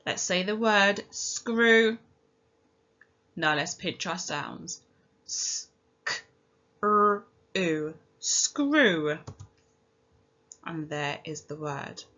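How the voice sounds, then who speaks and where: A woman teacher giving a phonics lesson to young children, speaking clearly and encouragingly and sounding out each word. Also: on the low side, a bit bright, dull audio.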